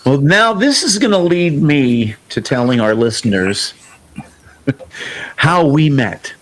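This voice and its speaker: A man hosting a music podcast, telling a story in a casual, lively way and acting out the quoted lines. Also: fairly high pitch, slow. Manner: animated storyteller, acts out quoted dialogue. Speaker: podcast host and singer.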